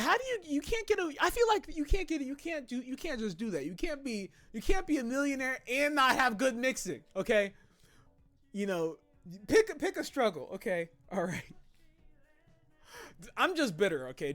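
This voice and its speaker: A man hosting a livestream, chatting casually with viewers and reading their comments in laid-back slang. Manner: laid-back slangy talk, lively swings in pitch. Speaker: livestream host.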